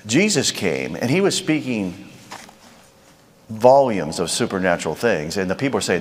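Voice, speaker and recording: A man's voice: on the low side, big pitch swings, moderate pace, big-room sound, a little hiss or hum. A man preaching a sermon in a conversational way, asking the crowd rhetorical questions.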